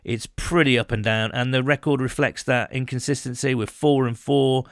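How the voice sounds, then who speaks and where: A man's voice: medium pitch, steady tone, moderate pace, no room sound, clean studio sound. A man co-hosting a casual sports podcast, rambling with lots of fillers and restarts. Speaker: podcast co-host.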